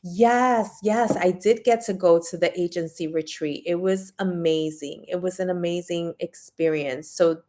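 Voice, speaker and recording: A woman hosting a casual livestream, chatting warmly and reading viewer comments aloud. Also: lowish voice, measured pace, hardly any pauses. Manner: frequent fillers and restarts. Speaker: livestream host.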